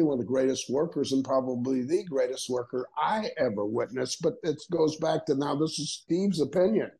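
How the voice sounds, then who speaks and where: A man, a retired wrestler telling animated stories in an interview, acting out voices and laughing often. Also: medium pitch, poor audio. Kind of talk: storytelling interview.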